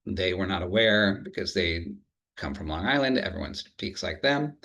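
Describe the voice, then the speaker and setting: A man giving an academic lecture in a relaxed, humorous way, with frequent fillers and self-corrections. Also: sits low, normal speed, a little hiss or hum. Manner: relaxed, humorous, thinks aloud with many restarts. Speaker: university lecturer.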